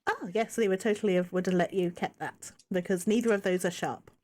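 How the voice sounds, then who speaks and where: A woman running a tabletop game as game master, halting as she speaks, with many fillers and restarts. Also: mid-range voice, steady tone, a little mellow.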